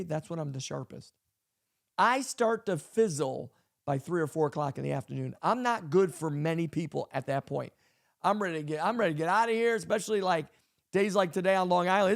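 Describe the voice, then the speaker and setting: Man, pastor and podcast host, high gravelly voice, emphatic and repetitive in a casual leadership talk. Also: expressive, fairly quick. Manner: emphatic, repeats key lines for effect.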